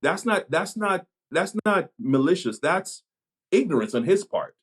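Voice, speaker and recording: A Jamaica-born man, a pastor and police chaplain, talking things through in a podcast conversation, pausing and restarting his sentences as he thinks. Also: high-pitched, expressive, slightly rough. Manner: reflective, halting, many restarts.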